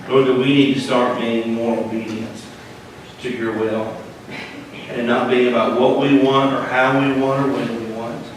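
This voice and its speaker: Pastor, male, preaching with big loud-to-hushed swings, echoey church hall, distant mic. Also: mid-range voice, noisy background. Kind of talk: sermon. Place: church sanctuary.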